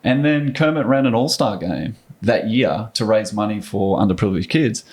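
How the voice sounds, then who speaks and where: Lively Australian ex-player telling stories. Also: male voice, on the low side, normal speed. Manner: animated anecdotes, frequent restarts and laughs. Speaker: guest, former basketball player. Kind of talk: casual storytelling.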